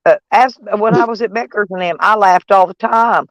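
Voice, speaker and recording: A woman's voice: medium pitch, normal speed, no room sound, lo-fi sound. A woman, chatting to her viewers from inside her van in a rambling, folksy and salty way. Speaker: vlogger. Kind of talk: casual rambling chat to viewers.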